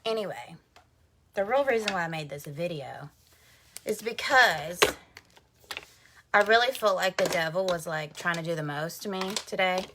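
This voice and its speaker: A woman's voice: on the low side, noisy background. A woman, chatting casually to camera at home as a mother vlogging, laughing and full of "like". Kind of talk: casual vlog chat to camera. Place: at home, indoors.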